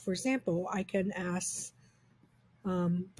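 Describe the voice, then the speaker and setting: A woman reviewing software in an upbeat, chatty, enthusiastic way, walking through a screen demo. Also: lowish voice, slow, a little hiss or hum.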